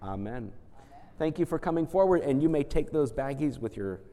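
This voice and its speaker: A man leading a children's message during a church service, talking gently and coaxingly as he tells a story to the kids. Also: fairly high pitch, expressive, a little fast. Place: church sanctuary. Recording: church service audio with long hall reverb.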